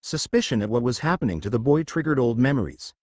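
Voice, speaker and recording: A man narrates a fan fiction story in an animated, expressive read, his pitch moving up and down freely. The sound is close and dry, with no room around it. He marks the characters' lines with small shifts in his voice. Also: fast, no echo.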